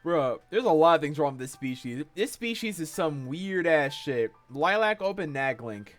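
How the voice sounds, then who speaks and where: A man streaming himself reading a webcomic aloud, with animated commentary full of swearing and excitable outbursts. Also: on the high side, normal speed, soft background music.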